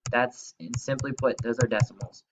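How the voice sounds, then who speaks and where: A man's voice: mid-range voice, fairly even intonation, moderate pace, slight background noise. A male teacher giving a recorded math lesson, upbeat and coaxing, asking students to repeat after him.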